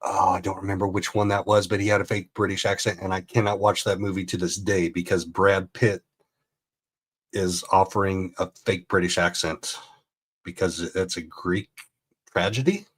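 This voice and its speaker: Brief: low-voiced male host, rambling, incredulous reaction commentary. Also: flat delivery, normal speed, a bit bright, slightly rough. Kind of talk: casual commentary reacting to a video.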